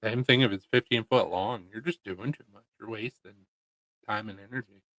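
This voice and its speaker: A man's voice: fairly low pitch, moderate pace, fairly bright tone, no echo, low-quality recording. A man hosting a casual livestream, chatting in a laid-back, rambling and jokey way. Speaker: livestream host. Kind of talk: casual chat.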